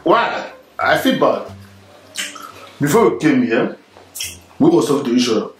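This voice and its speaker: A man's voice: mid-range voice, sing-song, moderate pace, echoey room, low-quality recording. A man talking casually with his wife in a couple vlog, pleading with her and growing upset and indignant. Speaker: vlogger, husband.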